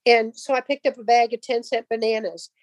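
A middle-aged woman telling a personal faith story in a casual way, acting out the people in it with lively voices. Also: fairly high pitch, a little fast, no echo. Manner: animated, acts out dialogue in voices.

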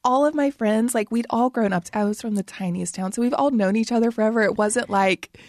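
A woman from South Louisiana with a Louisiana accent, a podcast guest telling stories with animated, laughing energy. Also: a little high, a little fast, no echo, clean studio sound. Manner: animated storyteller, laughs often, acts out quotes. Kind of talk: casual conversation.

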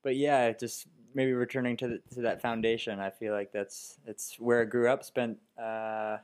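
A man in his twenties from Baltimore, a podcast guest, speaking haltingly with many pauses and a soft trailing delivery. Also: medium pitch, flat delivery, clean tone. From Baltimore, United States. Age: 20s. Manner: hesitant, halting, many fillers, trails off softly. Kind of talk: casual podcast chat.

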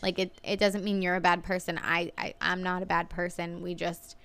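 Mulher expressiva contando histórias num podcast. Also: female voice, normal speed, faint music behind. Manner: expressive storyteller, mimics people in big pitch jumps. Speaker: podcast co-host. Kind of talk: casual chat.

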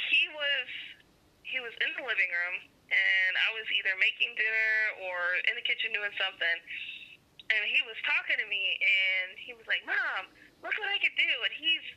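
A woman in her thirties, a mother telling a funny story about her children in casual chat, animated and laughing, acting out the voices she quotes. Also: medium pitch, normal speed, lo-fi sound. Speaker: guest, mother.

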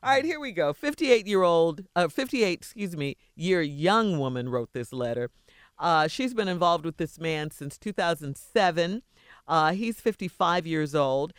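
A woman's voice: on the low side, expressive, moderate pace, clean tone, no room sound, clean studio sound. A woman co-hosting a radio advice show, blunt and scolding, who repeats her points. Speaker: radio co-host giving advice. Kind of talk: call-in radio advice talk.

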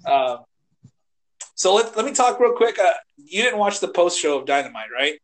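A man co-hosting a casual podcast, rambling and animated, swearing and acting out quotes as he retells scenes. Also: high-pitched, moderate pace. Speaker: podcast co-host. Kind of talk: casual chat.

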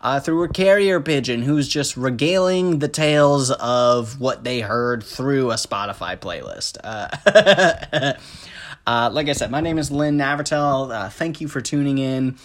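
Young Midwestern male podcaster, unhurried, profane, self-deprecating. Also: medium pitch. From American Midwest. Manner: rambling, self-deprecating, profane, with frequent laughs and fillers. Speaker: podcast host. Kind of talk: casual solo podcast monologue.

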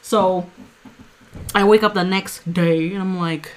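A woman's voice: lowish voice, moderate pace. A woman co-hosting a podcast, telling a rambling story full of quoted dialogue and casual swearing. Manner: rambling, animated retelling with quoted asides and swearing. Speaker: podcast co-host.

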